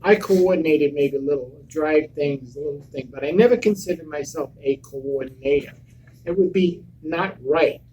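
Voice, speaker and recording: A man's voice: a little high, moderate pace, mellow, slight background noise, poor audio. Blunt, profane older man telling stories. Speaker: panel guest. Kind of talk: live convention panel storytelling. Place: convention panel room.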